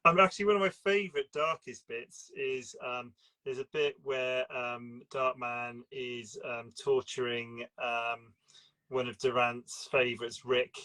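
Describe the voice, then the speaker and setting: Bright-voiced man, chatty and laughing. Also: mid-range voice, fairly even intonation, unhurried, rough recording. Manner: chatty, apologetic, laughs often. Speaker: podcast co-host. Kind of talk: casual film chat.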